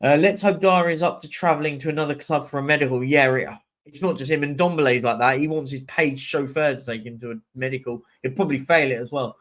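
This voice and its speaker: A man's voice: mid-range voice, fast talker, fairly bright tone. A young man hosting a live stream, chatting casually and answering viewer comments as they come in. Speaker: livestream host.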